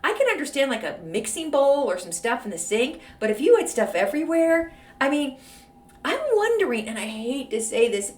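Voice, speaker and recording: Her voice sits high with big pitch swings at a normal speed as she hosts a casual solo podcast. She tackles an advice letter in a snarky, gossipy, filler-heavy storytelling way, recorded off-mic with a roomy echo.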